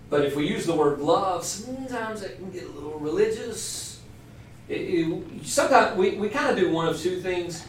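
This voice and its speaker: A man preaches to a small gathering in a chatty, self-deprecating way, mixing scripture with asides. His voice sits a little high and sounds distant, caught in a roomy space with faint ambient noise. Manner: conversational, self-deprecating, joking with the group. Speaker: pastor teaching a church class. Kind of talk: informal sermon. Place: church room with a small group. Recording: echoey room, voice from far off.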